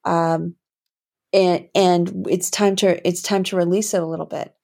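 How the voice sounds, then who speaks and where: A woman's voice: fairly low pitch, level tone, measured pace, vocal fry, warm tone. Woman musing in a rambling solo talk. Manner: rambling, musing, with many fillers and restarts. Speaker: podcast host and healing coach. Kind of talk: reflective solo monologue.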